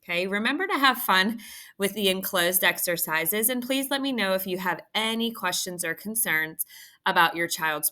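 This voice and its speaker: Woman teacher with a low, bright, forceful voice who explains patiently and checks in often. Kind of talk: recorded phonics lesson walkthrough.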